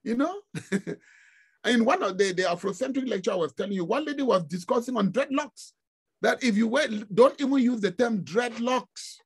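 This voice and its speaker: A man from Africa giving an informal online lecture, animated and exclamatory, often breaking into laughter. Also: extremely high pitch, normal speed, husky. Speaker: guest lecturer.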